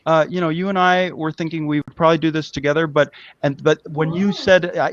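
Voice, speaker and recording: A man's voice: fairly high pitch, steady tone, brisk, few pauses, lo-fi sound. A man hosting a live web show, talking in a rambling, agitated way and swearing often. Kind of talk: casual live-stream chat.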